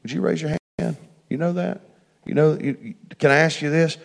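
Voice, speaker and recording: A man's voice: fairly high pitch, fairly quick, gravelly. Preacher man telling a story. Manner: storytelling, swings from hushed to loud. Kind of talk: sermon.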